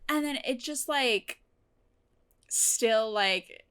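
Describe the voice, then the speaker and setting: A woman's voice: fairly high pitch, drawn-out words, fairly bright tone, smooth. A woman reacting to a TV episode in casual commentary, gushing and emotional, swearing freely. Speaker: TV reaction vlogger.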